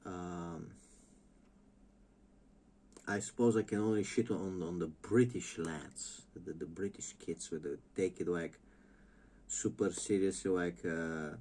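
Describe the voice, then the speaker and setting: A man's voice: deep voice, slow, pauses often, warm tone. A man ranting casually and profanely as a wrestling vlogger, rambling and mocking. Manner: rambling, mocking, lots of filler and restarts.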